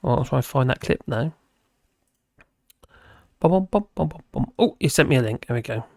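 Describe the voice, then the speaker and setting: A man's voice: medium pitch, expressive, normal speed, creaky, dry recording, studio quality. A man hosting a casual livestream, rambling and humming to himself while he looks for things. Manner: rambling, hums while searching. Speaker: livestream host.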